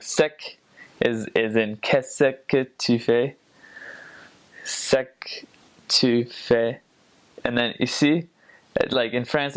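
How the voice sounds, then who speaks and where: A man's voice: medium pitch, clean tone. A young man who served as a missionary tells stories in a casual, rambling way, full of fillers and restarts. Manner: rambling, many fillers and restarts, imitates accents. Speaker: returned missionary. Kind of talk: casual storytelling.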